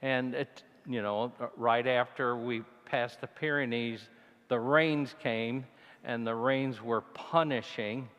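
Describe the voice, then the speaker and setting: Storytelling deacon in a reverberant church. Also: male voice, takes it slowly, dull audio. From Italian heritage. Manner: storytelling, animated, voice jumps high when retelling fear. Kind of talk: mission talk, personal story.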